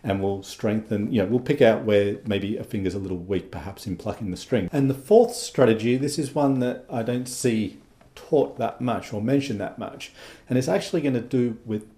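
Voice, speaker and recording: Male guitar instructor, calm explainer, deep-ish and dark in tone. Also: moderate pace. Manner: patient, explanatory, checks in with "okay?". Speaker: guitar teacher. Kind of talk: instructional lesson.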